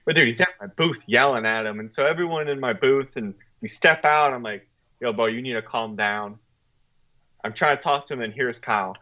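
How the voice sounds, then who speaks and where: A man's voice: mid-range voice, a little fast, sharp tone, dull audio. A young man on a podcast, co-hosting, telling a story in casual chat and acting out quotes with plenty of laughs and swearing. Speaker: podcast co-host.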